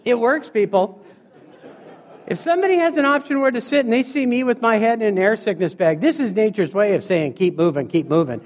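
A man doing storytelling stand-up comedy, animated and acting out the people in his stories. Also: very high-pitched, brisk. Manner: animated, acts out voices and scenes. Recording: reverberant hall.

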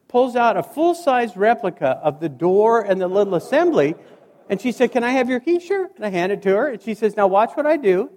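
A man giving a humorous motivational speech, acting out dialogue as he tells his stories. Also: high voice. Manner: animated storyteller acting out dialogue. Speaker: keynote speaker. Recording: hall reverb.

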